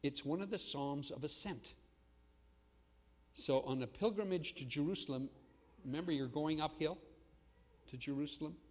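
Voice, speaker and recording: Pastor guy preaching, gets loud then goes quiet, kinda high voice, church echo. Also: normal speed, pauses often. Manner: dramatic preaching, swinging from loud to hushed. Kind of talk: sermon.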